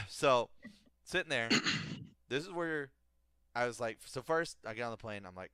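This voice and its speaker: A man's voice: deep voice, brisk, pushed and bright, smooth, no echo. A man co-hosting a podcast, telling a casual, profanity-laced comedic anecdote. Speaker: podcast co-host.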